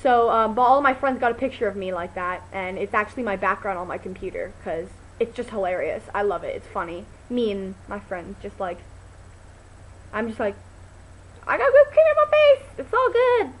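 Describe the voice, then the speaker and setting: A woman's voice: fairly quick, poor audio. A teenage girl vlogging, telling a rambling story with lots of ums and restarts. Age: teens. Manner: chatty and rambling, many ums and restarts, bursts into excited high quoted voices. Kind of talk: casual storytelling vlog.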